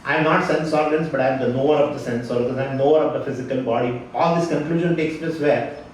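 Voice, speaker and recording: A man giving a spiritual lecture, lively and fond of rhetorical questions and repeated phrases. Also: medium pitch, fast, recorded from a distance. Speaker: Vedanta teacher. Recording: echoey hall, speaker away from the mic, faint noise.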